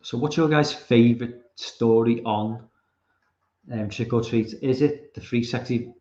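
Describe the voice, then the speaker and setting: A man's voice: mid-range voice, measured pace, darkish tone, echoey room, dull audio. A man from Liverpool with a Liverpool accent, hosting a casual live commentary stream and rambling with plenty of swearing. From Liverpool, England.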